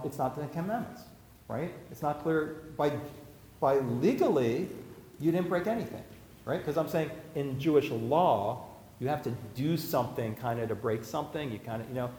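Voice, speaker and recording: A man's voice: mid-range voice, expressive, moderate pace, warm tone, slight background noise. A man teaching about Jewish law to a live audience, talking casually with stories and acted-out quotes. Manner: conversational, anecdotal, acts out quotes. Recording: echoey hall, faint ambience.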